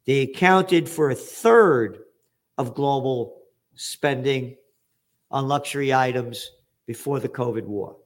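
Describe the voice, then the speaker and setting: A man's voice: medium pitch, slow. An older man giving blunt, sarcastic news commentary, reading out headlines and adding profane asides. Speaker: trends forecaster hosting a news commentary show.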